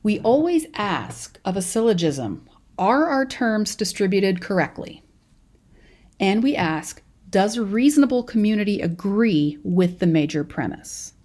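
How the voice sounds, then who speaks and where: A woman's voice: medium pitch, big pitch swings, a little slow, darkish tone. A young adult woman from California with a Californian accent, teaching a college lecture in a chatty storytelling way with frequent restarts. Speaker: college professor. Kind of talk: recorded lecture.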